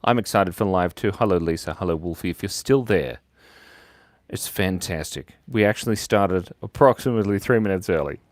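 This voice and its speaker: A man's voice: low-pitched, moderate pace, a little mellow, no room sound, studio quality. A man hosting a live drawing stream, chatting casually with viewers in a playful, goofy way, breaking into silly voices and noises.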